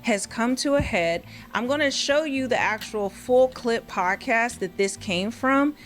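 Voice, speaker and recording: Sarcastic higher-voiced woman commentator. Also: lively intonation, measured pace, faint music behind. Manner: sarcastic, mocking rhetorical questions.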